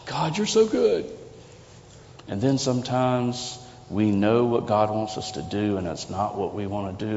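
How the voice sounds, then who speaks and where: A man's voice: fairly low pitch, darkish tone. A man preaching a sermon as a pastor, conversational and earnest, asking the congregation rhetorical questions. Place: church sanctuary. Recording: lo-fi recording in a reverberant sanctuary.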